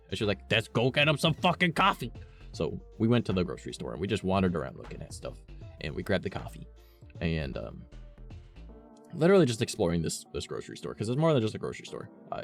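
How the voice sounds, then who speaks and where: A man's voice: deep voice, creaky, a little mellow. A man, a streamer chatting casually and telling a rambling, profane story, acting out the lines of the people in it.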